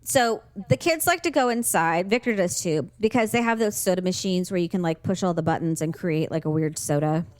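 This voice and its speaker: A woman co-hosting a podcast, telling a story in casual chat, animated and swearing freely. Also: on the low side, a little fast, few pauses, no echo. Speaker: podcast co-host.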